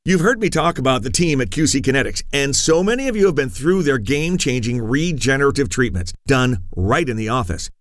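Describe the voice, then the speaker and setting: A man's voice: mid-range voice, very animated, a little fast, few pauses, no room sound. Male host live-read, earnest and reassuring, dry studio sound. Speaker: radio host reading an ad.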